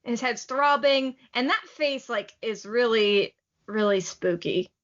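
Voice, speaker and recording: A co-host on a podcast chats enthusiastically through a manga chapter recap, her voice a little high and a bit bright. She drops plenty of "like" fillers and laughs quickly, and the lo-fi sound is slightly muffled.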